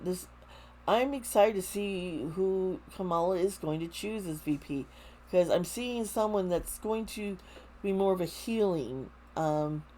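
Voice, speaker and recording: Slow, halting woman reading tarot cards. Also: on the low side, warm tone. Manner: slow, halting, with many restarts and fillers. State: close to tears. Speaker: tarot reader. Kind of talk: casual tarot reading to camera.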